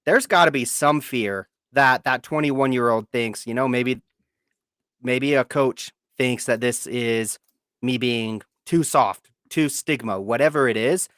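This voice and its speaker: A man's voice: mid-range voice, unhurried, a bit bright, dry recording, clean studio sound. A man co-hosting a live podcast, earnest and heartfelt, often repeating words for emphasis. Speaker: podcast co-host. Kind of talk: casual live podcast talk.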